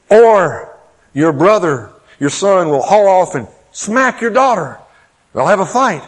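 A male pastor preaching a sermon, swinging between loud emphatic peaks and quiet low asides, acting out quoted dialogue. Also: very animated, a little slow. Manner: acts out quoted dialogue in changed voices.

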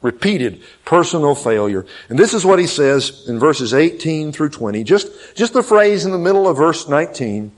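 Male pastor, somewhat high voice, dynamic sermon delivery with big loud-soft swings and acted-out quotes. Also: sing-song, moderate pace, few pauses. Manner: dynamic preaching, swinging between loud emphatic peaks and quiet low asides; acts out quoted dialogue in changed voices.

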